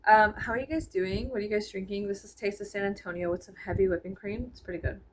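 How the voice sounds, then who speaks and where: A woman's voice: mid-range voice, fairly even intonation, fast talker, slight background noise, rough recording. Rambling, chatty woman vlogging from her bedroom. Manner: chatty, meandering, heavy use of "like", frequent laughs. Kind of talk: casual rambling vlog chat. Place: her bedroom, under a ceiling fan. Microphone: camera mic, no clip-on microphone.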